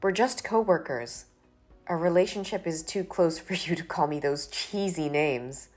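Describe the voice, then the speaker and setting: A young office worker, firm and exasperated, voiced by a woman. Her voice sits on the low side for a woman, and faint music plays behind her. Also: a little slow, a little mellow. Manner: firm, exasperated, polite refusals. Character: young female office worker fending off a colleague. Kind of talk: scripted dialogue drama.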